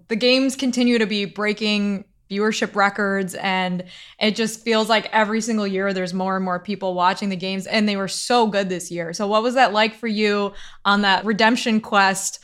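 Playful woman co-host, smooth voice. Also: medium pitch. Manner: playful, teasing, energetic. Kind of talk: casual interview.

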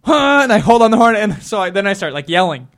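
Guy on a talk show rattling off stories super fast, kinda high voice, acts out all the quotes. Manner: rambling, animated anecdotes with acted-out quotes. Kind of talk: casual storytelling chat.

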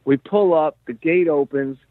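A male comedian chatting on his podcast, rambling and animated, his voice sitting a bit high. The sound is dry and tinny, as though coming through a phone line. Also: moderate pace, no echo. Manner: rambling, animated, heavy use of "like". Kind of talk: casual storytelling chat.

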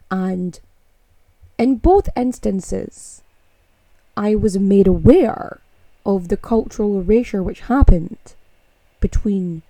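A woman's voice: medium pitch, warm tone, no echo. A young woman with a Scottish accent, hosting a podcast in a casual, opinionated monologue and rolling her R's. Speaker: podcast host.

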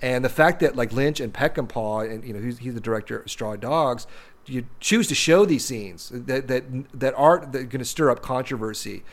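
A man talking through films in a loose, casual way, circling back on his words and restarting his sentences as he thinks aloud. His voice sits at an ordinary middle pitch. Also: normal speed. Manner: rambling, many restarts and repeated words. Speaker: podcast co-host discussing films. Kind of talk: casual film discussion.

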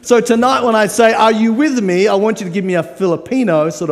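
Playful pastor in a reverberant hall. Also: male voice, high-pitched, fairly even intonation, brisk. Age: 40s. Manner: playful, joking and coaxing the crowd. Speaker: guest pastor. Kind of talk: live sermon. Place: church auditorium with live audience.

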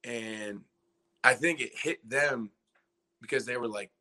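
Bright-voiced young man telling a story. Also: mid-range voice, takes it slowly, long pauses. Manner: rambling, retells scenes by quoting himself and others. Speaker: podcast guest, former college basketball player. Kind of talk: casual storytelling interview.

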